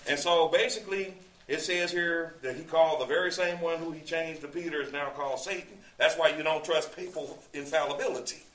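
A male preacher with a slightly high, steady, fairly bright voice moves at a brisk pace through his sermon verse by verse. He speaks conversationally, quoting scripture and asking rhetorical questions, recorded from afar in an echoey space.

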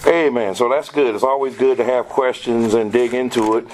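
A man's voice: mid-range voice, fairly even intonation, a little fast, crowd noise, rough recording. A man leading a Bible study, explaining scripture, quoting verses and putting questions to the group.

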